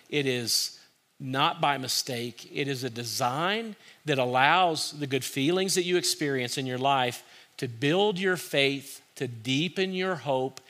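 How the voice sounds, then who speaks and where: A pastor preaches a sermon in a bright, forceful, middle-pitched voice. He is earnest yet conversational, repeating phrases to drive each point home.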